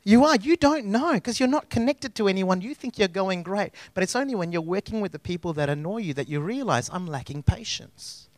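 A man's voice: sits high, expressive, brisk, hardly any pauses, no room sound. A middle-aged man preaching a sermon as pastor, emphatic and conversational, often repeating phrases for weight.

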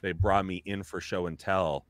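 A man's voice: low-pitched, fairly even intonation, normal speed, dry recording. A man who works as a voice actor, talking casually as a podcast guest, rambling with lots of fillers and breaking into character voices.

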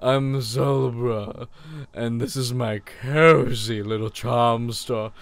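A man voicing an old female bug charm seller, reading her lines in a slow, drawn-out, syrupy and welcoming way. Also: mid-range voice, fairly even intonation. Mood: syrupy welcome. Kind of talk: reading game dialogue in a voice.

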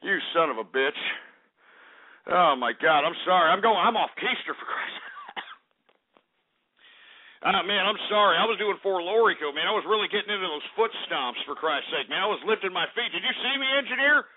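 A man's voice: high-pitched, lively intonation, fast, hardly any pauses. A man hosting a comedic talk radio show, rowdy and cursing, yelping and out of breath. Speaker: radio host. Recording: tinny phone-like radio audio with faint music.

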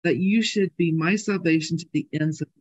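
A man in a Bible class slowly and carefully reading a scripture passage aloud. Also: a little high, husky, dull audio.

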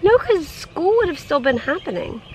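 A woman's voice: high voice, big pitch swings, moderate pace, a little hiss or hum. A woman in her thirties chatting casually with her husband for a vlog, playful and talkative, recorded outdoors by the water. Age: 30s. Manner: chatty, playful, sings in a teasing lilt. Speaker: vlogger. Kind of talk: casual chat.

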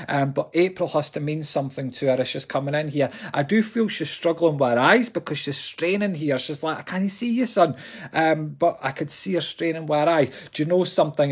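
A man's voice: a little high, husky. A Scottish man, a psychic medium, giving readings on a live stream in a chatty, jokey way and talking to viewers as folks.

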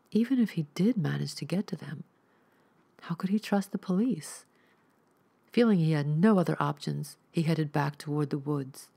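A woman hosting a ghost story podcast, reading a horror tale in a measured, steady way. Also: deep voice, gravelly. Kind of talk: scripted horror narration.

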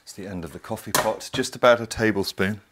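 Chatty deep-voiced man cooking. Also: fast talker, background noise. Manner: chatty, digressive, enthusiastic. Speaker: cooking show host. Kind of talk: casual cooking demonstration. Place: home kitchen.

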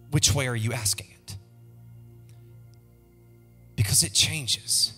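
A middle-aged male pastor preaching a sermon, leading the congregation in call-and-response and swinging from low murmurs to soaring shouts. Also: slow pace, pauses often, husky, soft background music.

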